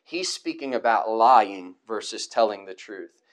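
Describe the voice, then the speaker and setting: A man's voice: lowish voice, animated, a little slow. A man teaching a Bible study class, reading verses aloud and explaining them, with fillers and restarts.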